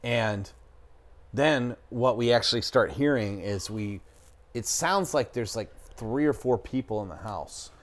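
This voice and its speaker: A man's voice: mid-range voice, expressive, measured pace. Rambling man telling a spooky story. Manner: rambling, profane, lots of "like" and "I'm talking". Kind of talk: casual storytelling.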